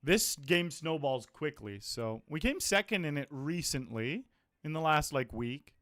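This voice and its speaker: A man streaming online poker, chatting casually about his hands and results, blunt, self-mocking and quick to swear. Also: a little high, lively intonation, a bit bright, dry recording, clean studio sound. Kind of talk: casual live-stream commentary.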